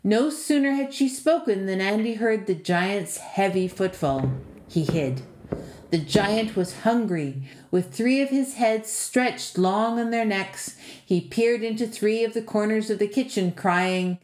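A woman's voice: mid-range voice, a little slow. Brief: woman podcast narrator, lilting fairy-tale delivery, roomy recording. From Canada. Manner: lilting, expressive storytelling. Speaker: storyteller and podcast author. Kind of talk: scripted fantasy narration. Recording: echoey room.

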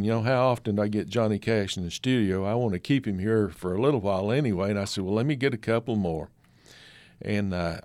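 A man's voice: fairly low pitch, darkish tone, dry recording. An older man, a photographer, telling folksy stories as a guest in a conversation. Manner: folksy, anecdotal, many fillers. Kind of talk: storytelling in conversation.

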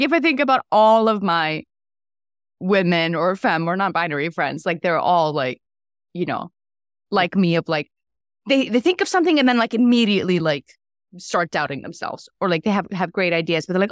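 A young adult woman co-hosting a podcast, talking in an animated, casual way with lots of filler words. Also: on the low side, normal speed, no echo, studio quality. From Iceland. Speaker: podcast co-host. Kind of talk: casual chat.

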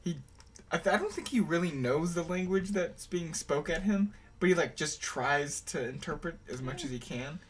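A man co-hosting a casual podcast about a movie, easygoing and quick to react. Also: on the high side, husky. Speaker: podcast co-host. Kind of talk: casual movie recap chat.

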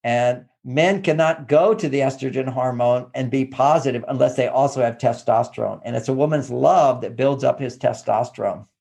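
A man's voice: medium pitch, moderate pace, creaky, hardly any pauses, dark tone. A man from Texas, a therapist and relationship author, talking casually and animatedly, often acting out quoted phrases. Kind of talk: casual advice talk.

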